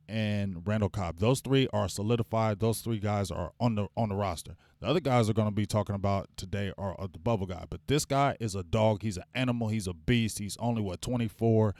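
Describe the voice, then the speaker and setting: A man's voice: fairly low pitch, fairly quick, a little mellow, no room sound, clean studio sound. A man hosting a casual live sports fan stream. He rambles, gets hyped and calls out to the chat viewers. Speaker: fan show host.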